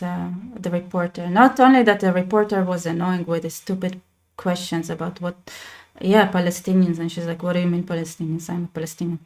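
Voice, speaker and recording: A woman with an Israeli accent, a native Hebrew speaker, hosting a casual livestream chat and talking in quick bursts with many restarts. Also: lowish voice. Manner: chatty, many restarts and fillers. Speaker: channel host.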